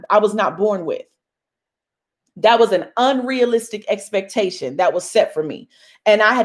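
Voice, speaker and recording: A young woman hosting a casual motivational talk to her viewers, emphatic and bold like a preacher. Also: fairly high pitch. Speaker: host.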